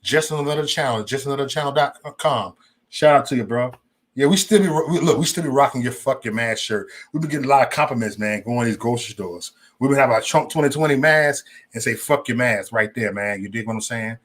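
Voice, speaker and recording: A man's voice: medium pitch, quick pace. A man hosting a casual livestream, talking straight to his chat in a loose, rambling and profane way. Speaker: livestream host.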